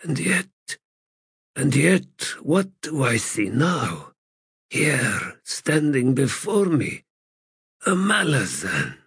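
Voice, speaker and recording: A weak, chained god speaks in a frail, raised voice, slow and pleading, put on by a male narrator. The words come thin and breathy, with long pauses. The sound is dry and close. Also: medium pitch, sing-song, a bit bright, no echo, pitched above the performer's own voice, exaggerated voice.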